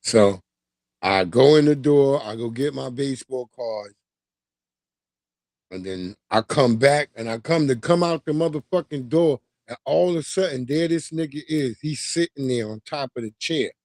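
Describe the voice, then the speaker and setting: A man telling a long, profane childhood story on his livestream in a streetwise, animated way. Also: mid-range voice, moderate pace, no echo, studio quality. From New York. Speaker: livestream host. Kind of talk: casual storytelling.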